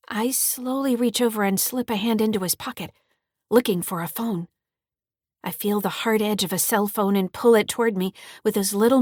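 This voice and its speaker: A woman author reading her own mystery thriller as an audiobook, telling it in a steady, clear way. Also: mid-range voice, no room sound, studio quality. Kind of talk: scripted audiobook narration.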